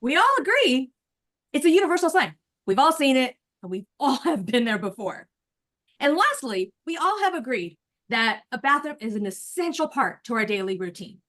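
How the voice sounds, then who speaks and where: At a normal speed, a woman in her forties speaks on a video call in a bright, slightly high voice. Her talk begins as lively, coach-like chat aimed straight at her listeners and then turns into a rehearsal of a prepared speech.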